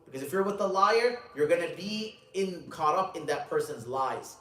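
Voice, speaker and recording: Fairly high-voiced man lecturing in a roomy hall. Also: lively intonation, fairly bright tone. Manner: casual, conversational storytelling with frequent "you know" and restarts; slow, emphatic delivery when quoting and explaining sayings. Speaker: Islamic scholar teaching a gathering. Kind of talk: religious lecture with a storytelling anecdote. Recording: roomy, distant mic with faint ambience.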